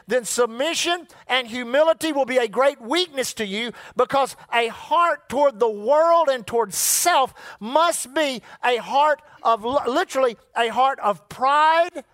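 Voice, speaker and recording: A man's voice: extremely high pitch, fairly bright tone, no echo. A middle-aged man preaching a sermon in a folksy, repetitive way and calling out to the congregation. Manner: folksy, repeats words, calls on the congregation.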